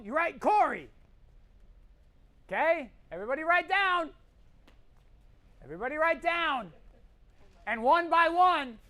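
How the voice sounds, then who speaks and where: Woman host, high and bouncy, teasing and bossy on a live stream. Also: a bit bright. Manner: teasing, bossy, quick quips. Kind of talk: hosting a live competition stream.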